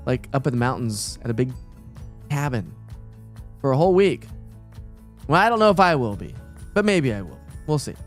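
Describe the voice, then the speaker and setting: A middle-aged man with a drawl hosts a relaxed morning weather stream. He chats easily and calls out to his viewers one by one. His voice sits a little high, and soft music plays underneath. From East Tennessee. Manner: chatty, greets viewers by name. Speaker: weather forecaster hosting a live morning stream. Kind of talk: casual live-stream weather chat.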